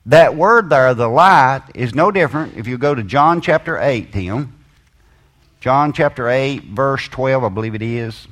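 Guy teaching a bible study, middle pitch, drags out the verses he reads, talks to a helper now and then. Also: expressive, a bit bright. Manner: slows and stresses quoted scripture, asides to a helper.

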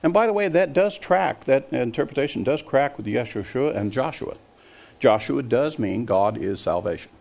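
A man's voice: mid-range voice, lively intonation, moderate pace, creaky, a little mellow. An older man preaching a sermon, emphatic and scoffing, often putting questions to his listeners. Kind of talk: sermon to a congregation.

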